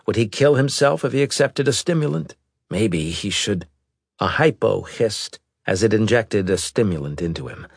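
A man reading a novel aloud as narrator in a measured, deliberate way. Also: fairly low pitch, breathy edge, no room sound, studio quality. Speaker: audiobook narrator. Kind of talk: scripted narration.

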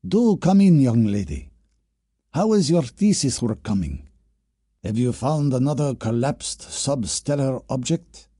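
A man's voice: mid-range voice, very animated, a little slow, dry recording, clean studio sound, voice pushed up. A man doing a genial middle-aged Russian professor. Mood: beaming. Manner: warm, welcoming address.

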